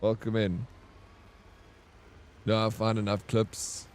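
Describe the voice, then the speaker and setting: Low-voiced man bantering with stream chat. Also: flat delivery, takes it slowly, darkish tone. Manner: bantering with viewers, reading chat aloud. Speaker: game streamer. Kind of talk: casual livestream chat.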